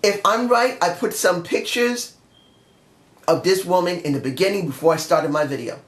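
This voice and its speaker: A man's voice: high voice, normal speed, fairly bright tone. Guy ranting his opinions, blunt and rambly, cusses a bit, room sounds echoey. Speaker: wrestling reviewer. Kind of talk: casual opinion vlog. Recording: roomy echo.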